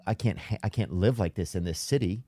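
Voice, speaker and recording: A man hosting a casual podcast chat, telling stories in a loose, halting way. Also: fairly low pitch, warm tone, dry recording. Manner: loose, halting storytelling with trailing pauses. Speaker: podcast host.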